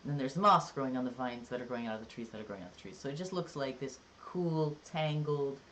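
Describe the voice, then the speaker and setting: A chatty live-streamer talking casually to viewers, rambling along with plenty of "like"s and "um"s. The voice sits at a middle pitch, with a faint hum of room ambience behind it. The manner stays easygoing and a little jokey. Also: lively intonation, quick pace, a bit bright. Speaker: livestreamer.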